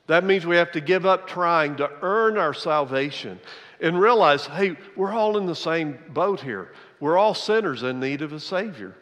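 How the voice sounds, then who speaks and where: A man's voice: a little high, animated, a little slow, fairly bright tone, in a large hall. A man, a senior pastor, preaching a sermon with emphasis and repeating key phrases for effect.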